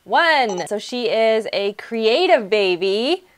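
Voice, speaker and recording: A young woman hosting casual gameplay commentary, chatty and excitable, narrating each step aloud. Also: on the high side, slow pace. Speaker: gaming YouTuber, host.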